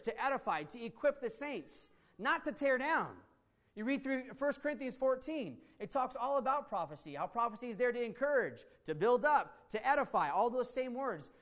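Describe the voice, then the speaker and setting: A man preaching a teaching sermon, earnest and emphatic, with fillers and restarts as he explains scripture. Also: very high voice. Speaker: pastor.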